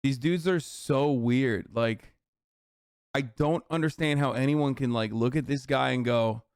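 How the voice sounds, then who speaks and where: Mocking streamer man, crisp dry voice. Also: medium pitch, measured pace, dry recording. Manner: loose, profane, mocking, incredulous. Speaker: streamer reacting to videos. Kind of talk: casual reaction commentary.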